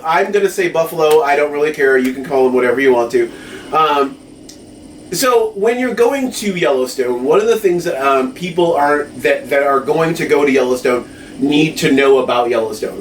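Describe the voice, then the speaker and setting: Speaking at a moderate pace in a slightly high, animated voice, a podcast co-host chats casually and rambles, leaning on fillers and repeated "right?" tags. The recording picks up an echoey room through a far-off mic, plus faint noise.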